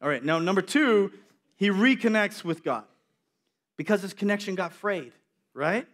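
High-voiced, animated male preacher. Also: moderate pace. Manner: animated, acts out the voices in the story. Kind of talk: sermon.

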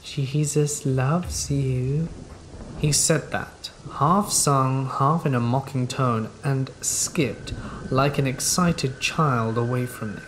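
A man reading scary stories aloud in a measured, steady scripted narration. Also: medium pitch, a little hiss or hum, poor audio. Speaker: horror story narrator. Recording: rain sounds under the narration. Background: rain.

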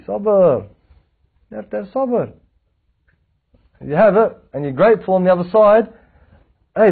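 A man giving a casual religious class, lively and animated, acting out little anecdotes. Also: medium pitch, husky. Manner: lively, animated, acts out anecdotes, frequent restarts. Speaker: religious teacher. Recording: tinny phone-like lo-fi recording.

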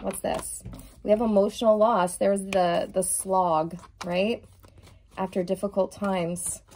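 A woman doing an effusive, emphatic tarot reading, stretching out key words and now and then singing a lyric softly. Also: mid-range voice, fairly even intonation, takes it slowly, slight background noise. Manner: sings song lyrics softly at times. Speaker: tarot reader.

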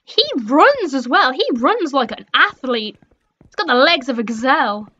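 Young girl gaming, high voice, swears loads, scared then muttering, kinda muffled mic. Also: big pitch swings, moderate pace, sharp tone. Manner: jumpy, sweary, swinging between shrieks and mutters. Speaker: gaming streamer. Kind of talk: horror game commentary.

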